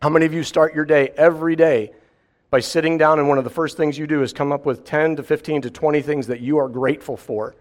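A man preaching a sermon in an animated way, acting out mock voices and firing rhetorical questions. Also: on the high side, fast talker.

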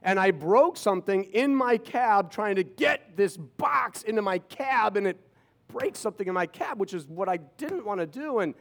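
His high-pitched voice is expressive and a bit bright, moving at a moderate pace. He is a man in his fifties recounting personal tales to a crowd, with the occasional sarcastic jab.

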